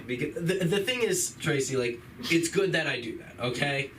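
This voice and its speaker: A man's voice: fairly high pitch, expressive, normal speed, fairly bright tone, slight background noise. A young man doing a stand-up set, rambling and self-deprecating, with lots of filler words. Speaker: stand-up comic. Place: small comedy club. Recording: open mic from far off, crowd.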